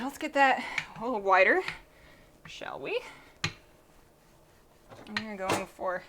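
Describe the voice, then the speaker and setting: A woman talks her way through a bake on a live stream, thinking aloud and joking about her own slip-ups. Her pitch sits in an ordinary middle range. A faint hum of room noise lies under her voice in the kitchen. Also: fairly bright tone. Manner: chatty, thinks aloud, self-deprecating. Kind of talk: casual live-stream chat. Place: home kitchen. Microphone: streaming mic through a mixer.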